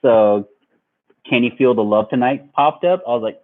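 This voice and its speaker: A man's voice: mid-range voice, animated, normal speed. A young man telling a long story to his viewers in a rambling, laid-back way, full of fillers. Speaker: vlogger. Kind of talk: casual storytelling. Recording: tinny phone-like sound.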